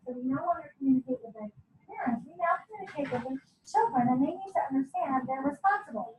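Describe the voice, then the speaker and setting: A middle-aged woman with a high voice tells her family story to a group in a chatty, candid way, laughing often and turning to the listeners with asides. She stands some way from the mic, and the room gives her voice a clear echo. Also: normal speed, slight background noise. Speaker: homeschooling parent sharing her story. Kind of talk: casual talk to a group. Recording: echoey room, mic at a distance.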